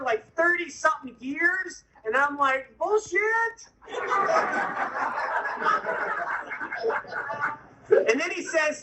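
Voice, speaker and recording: A man's voice: very high-pitched, very noisy. A man telling a humorous personal recovery story at a meeting, acting out what others said to him. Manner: humorous, acts out quoted voices.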